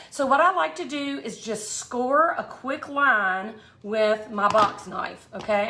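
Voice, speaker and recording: A woman's voice: a little high, bright, forceful tone. A middle-aged woman hosting a live craft tutorial, chatty and folksy, greeting viewers by name as she works. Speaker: art tutorial host.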